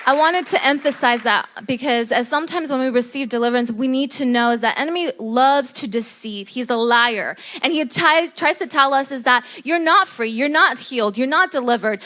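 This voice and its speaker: A woman's voice: high voice, normal speed, few pauses, pushed and bright. A woman interviewing a guest at church, emphatic and answering with repeated amens.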